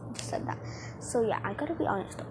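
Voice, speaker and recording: A teenage girl vlogs in a casual, rambling way, losing her words and piling up fillers. Her voice sits fairly high and her throat is dry. Faint room ambience hums behind her. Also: lively intonation, fast, background noise. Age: teens. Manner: rambling, easily distracted, filler-heavy. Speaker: vlogger. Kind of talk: casual chatty vlog.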